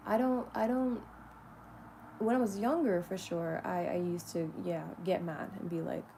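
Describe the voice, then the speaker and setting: Gravelly, dark-voiced woman vlogging casually. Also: lowish voice, fairly even intonation, unhurried, slight background noise. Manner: candid, chatty, swears freely, laughs often; talks to herself lovingly in soft asides. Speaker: spiritual vlogger. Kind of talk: casual spiritual monologue.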